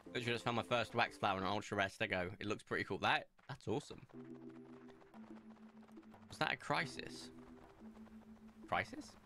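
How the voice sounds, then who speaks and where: A man's voice: lowish voice, lively intonation, moderate pace, pauses often, noisy background. A young man chatting casually while streaming a video game, rambling into stories and asides. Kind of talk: casual gameplay commentary. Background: faint game music.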